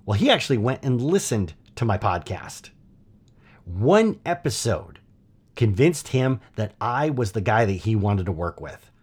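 A middle-aged man hosting his own podcast, telling a personal story in a chatty, animated way with lots of asides. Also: on the low side, measured pace, breathy edge. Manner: conversational, animated storytelling with frequent "you know" and "right?". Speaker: podcast host.

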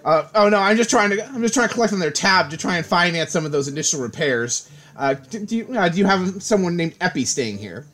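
A man at a tabletop game speaks in a fairly high voice, polite and a little halting, often stopping and restarting his sentences. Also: expressive, a bit bright. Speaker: player.

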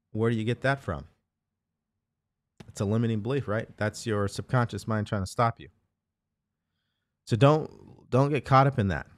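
Low-voiced man coaching on affirmations. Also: no echo. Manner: earnest, repeats phrases, coaching tone. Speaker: host. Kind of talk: motivational live show talk.

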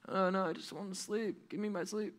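A man's voice: high-pitched, fairly even intonation, a little fast, voice pushed up, natural voice. A man voicing a drowsy lazy kid who mumbles and whines to be left asleep. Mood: groggy pleading. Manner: groggy, whiny mumbling.

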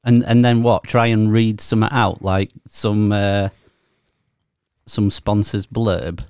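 A man's voice: lowish voice, little pitch movement, slow, darkish tone, clean tone. A man with a Yorkshire accent grumbles and swears his way through a casual podcast chat. The sound is dry and close, with no room echo. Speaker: podcast co-host.

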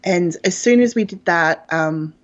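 Frank woman, slightly low voice. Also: measured pace. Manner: chatty and frank, with frequent fillers and laughs. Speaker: interview guest. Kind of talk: candid personal storytelling. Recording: dull lo-fi audio.

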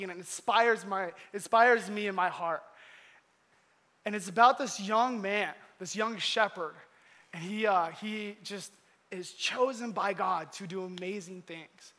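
A man giving a casual storytelling sermon, animated and slangy. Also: high-pitched. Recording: long hall reverb.

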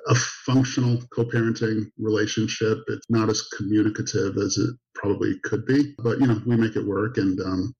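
A man calmly recounting his divorce and co-parenting in a casual podcast chat. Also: on the low side. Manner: steady, measured storytelling. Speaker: divorced father and guest. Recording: slightly dull recording.

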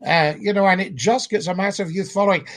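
Man, high voice, animated storyteller, mimics callers. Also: fast talker. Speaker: former radio phone-in host. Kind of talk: interview anecdotes.

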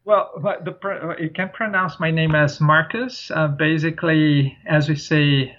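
A man's voice: fairly high pitch, fairly even intonation, measured pace, a bit bright. A man from Brazil with a Brazilian Portuguese accent, a podcast guest, talking in an easygoing way. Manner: easygoing, many fillers and restarts. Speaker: podcast guest, traveler and author. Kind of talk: casual interview talk. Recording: dull lo-fi sound.

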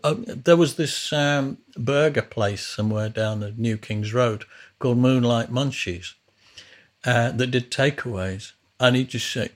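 A man's voice: medium pitch, measured pace. Rambling male storyteller. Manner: rambling, with frequent restarts. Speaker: podcast host and musician. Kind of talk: casual storytelling.

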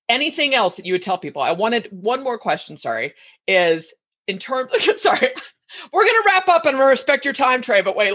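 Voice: medium pitch, bright, forceful tone. A podcast host asking rambling, chatty questions and wrapping up an interview. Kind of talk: casual interview chat.

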